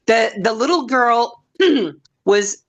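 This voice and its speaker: Slow, emphatic woman co-host. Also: on the high side, lively intonation. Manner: emphatic, slow, drawn-out words. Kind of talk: casual chat.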